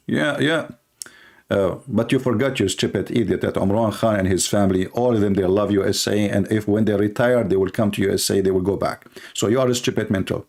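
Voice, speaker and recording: A man's voice: fairly low pitch, a little fast, vocal fry, darkish tone. Blunt, mocking male commentator. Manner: blunt, mocking, insulting, repetitive. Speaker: online commentator. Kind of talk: ranting video commentary.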